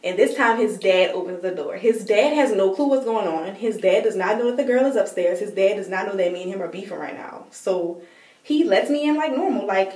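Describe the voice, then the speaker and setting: Woman vlogger, casual storytelling, animated with lots of filler words, mid-pitched voice, set back from the mic in a roomy space. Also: a little fast, distant mic. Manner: animated, acts out quoted dialogue, many "like" fillers.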